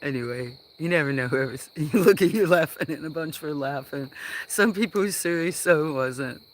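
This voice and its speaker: This man hosts a laid-back livestream from a farm outdoors, wandering from thought to thought and leaning on lots of fillers. He speaks at a normal speed in a voice on the high side.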